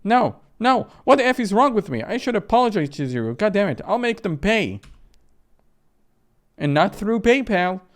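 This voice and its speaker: A man voicing a brash, foul-mouthed teenage girl who shouts and swears. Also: sits high, very animated, moderate pace, voice pushed up. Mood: angry.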